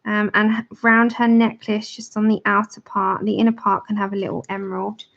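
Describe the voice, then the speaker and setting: A woman's voice: medium pitch, little pitch movement, moderate pace, vocal fry, a bit bright. An English woman hosting a livestream, chatting casually and explaining each step as she colours. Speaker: livestream host. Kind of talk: casual chat while colouring. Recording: dull lo-fi livestream audio.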